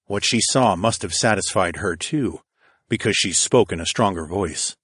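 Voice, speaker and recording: A man reading a romance audiobook in a very deep, husky voice, slow and intimate. The recording is dry and close-miked, with no room sound at all. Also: no echo. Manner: slow, intimate, steady storytelling. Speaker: audiobook narrator. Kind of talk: first-person erotic audiobook narration.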